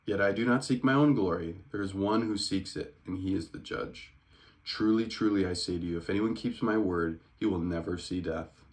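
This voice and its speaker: In a low, deep voice, a man gives a casual scripture reading as a calm, earnest teacher. The delivery is plain and unforced at a moderate pace, with occasional bursts of speed.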